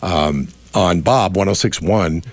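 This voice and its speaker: Rambling low-voiced man. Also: slow, vocal fry, no echo. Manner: rambling, restarts, trailing. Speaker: radio guest. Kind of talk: casual chat.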